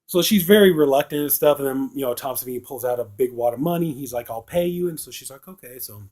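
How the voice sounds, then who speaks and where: A man's voice: mid-range voice, fast talker, a little mellow. Rambling man casually reviewing a film. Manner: rambling, full of fillers like "you know" and "and stuff"; retells scenes by quoting characters in his own voice.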